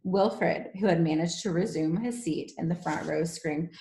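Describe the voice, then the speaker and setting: A woman teacher reading a children's novel aloud to her class in an expressive, gentle way. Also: lowish voice, normal speed, few pauses. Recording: echoey room.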